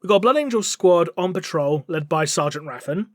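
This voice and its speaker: High-voiced man recapping casually. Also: animated, fairly quick, a bit bright, dry recording, clean studio sound. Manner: rambling, swears, acts out characters' lines. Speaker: podcast co-host.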